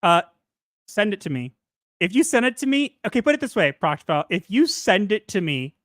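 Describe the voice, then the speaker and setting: A man co-hosting a podcast in casual chat, animated and playful, sometimes ranting. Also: high-pitched, brisk, no room sound, clean studio sound. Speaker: podcast co-host.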